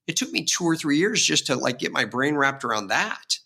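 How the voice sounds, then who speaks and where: A man's voice: on the high side, expressive, fairly quick, vocal fry, sharp tone, breathy edge. A man, a real estate agent guest on an interview podcast, telling rambling, vivid personal stories with frequent restarts. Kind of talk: casual storytelling interview.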